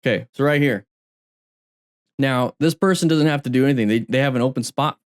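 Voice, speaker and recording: A man's voice: mid-range voice, a little fast, clear, resonant tone. A man who teaches motorcycle riding, commenting over road videos in a chatty way and repeating phrases for emphasis.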